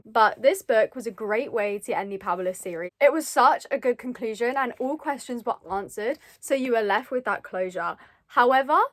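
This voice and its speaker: A woman's voice: fairly high pitch, no echo, clean studio sound. Giggly young woman chatting in a book vlog. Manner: giggly, emotional, rambling. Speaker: book vlogger. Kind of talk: casual reading vlog chat.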